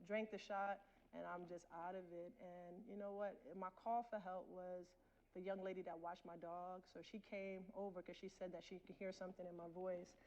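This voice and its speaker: A woman's voice: lowish voice, little pitch movement, moderate pace, a little mellow, lo-fi sound, slight background noise. A woman in her forties giving a candid personal storytelling talk as a guest lecturer, speaking straight to the audience. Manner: candid, addresses the audience directly. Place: lecture hall.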